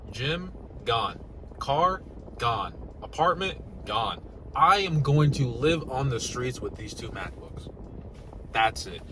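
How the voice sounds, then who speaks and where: A young man vlogging casually about new laptops, swinging between loud excitement and mumbled asides. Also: medium pitch, background noise. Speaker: tech YouTuber.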